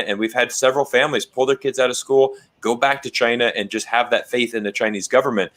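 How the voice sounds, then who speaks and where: A man's voice: mid-range voice, fairly even intonation, quick pace, hardly any pauses, a bit bright. A man speaking as a livestream panel guest over a video call, talking in a casual way with many fillers and restarts. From Canada.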